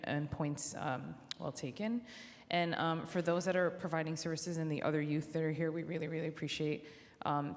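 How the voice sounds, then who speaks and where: A woman council member chairing a public hearing, speaking earnestly in a halting way with many fillers and restarts, recorded in a city council chamber on a desk microphone. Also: sits low. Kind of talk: chairing a hearing, thanking witnesses. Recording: long reverb of a large chamber.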